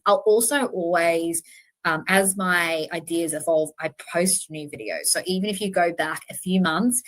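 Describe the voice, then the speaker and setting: Woman, channel host; casual earnest commentary, slightly low voice, self-correcting. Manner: earnest, animated, self-correcting, with many fillers. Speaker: true-crime channel host.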